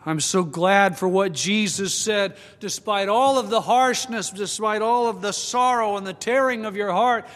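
An older man preaching a sermon, reflective and earnest, slowing and softening at tender moments. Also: high voice. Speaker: pastor. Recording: long hall reverb.

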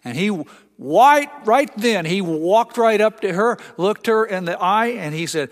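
Male pastor, slightly high voice, long reverb, earnest storyteller. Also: lively intonation, unhurried. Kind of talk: sermon.

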